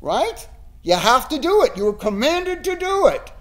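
High-voiced man leading a Bible study. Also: sing-song, moderate pace, a bit bright. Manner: conversational, asks "right?" often, emphatic. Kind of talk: informal Bible study teaching. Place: small indoor room.

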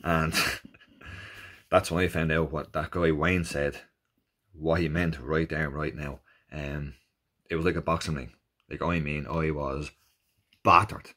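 Deep-voiced Irish man telling a story. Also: unhurried, long pauses. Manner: animated, jokey, acts out quoted exchanges in raised voices. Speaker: vlogger recounting his first Ironman. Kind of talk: casual storytelling.

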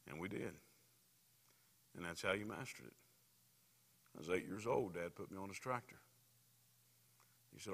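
A man preaching a sermon as a pastor, telling stories in a voice that swings from hushed to loud. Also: low voice, normal speed, vocal fry, pauses often, husky. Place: church sanctuary. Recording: reverberant church hall.

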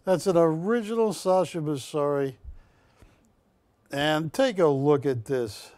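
A man's voice: fairly high pitch, darkish tone, no echo. A man hosting a live shopping-channel art auction, calling bids with joking, teasing banter from a TV studio.

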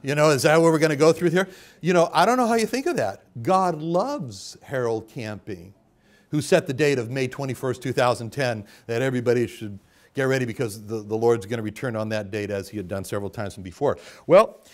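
Animated middle-aged male preacher. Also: mid-range voice, fairly quick. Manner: animated, dramatic delivery with quoted voices and rhetorical questions. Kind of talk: Bible teaching sermon. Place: church chapel.

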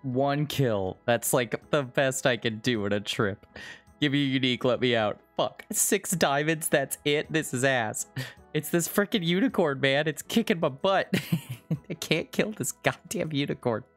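A man's voice: medium pitch, measured pace, soft background music. A man giving casual, self-mocking gameplay commentary at his computer, sarcastic and swearing often. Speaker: video game streamer.

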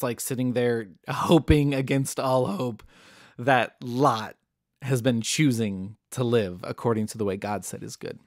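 A man's voice: mid-range voice, dry recording. Man, Bible teacher, comedic storytelling, jokey slang, dry close sound. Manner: casual and jokey, with modern slang.

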